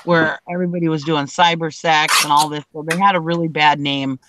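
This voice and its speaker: A woman hosting a casual online group chat, telling stories in an animated way and laughing often. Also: low voice, a little fast, background noise. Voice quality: animated storyteller, frequent laughs.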